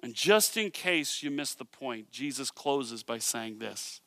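A man preaching a sermon, retelling a parable in an animated storytelling way with joking asides. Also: medium pitch, a little slow, hardly any pauses, dry recording. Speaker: pastor.

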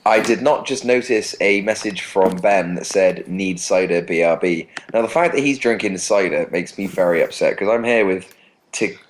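A man's voice: sits low, moderate pace. A man with an English accent on a podcast, chatting casually, ranting and swearing freely. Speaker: podcast co-host. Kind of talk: casual chat.

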